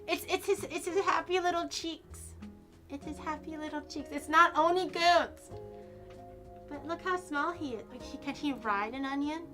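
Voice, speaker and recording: A woman streamer chatting casually with viewers, playful and excitable, breaking into squeals and laughter. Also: sits high, normal speed, soft background music. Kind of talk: casual live-stream chat.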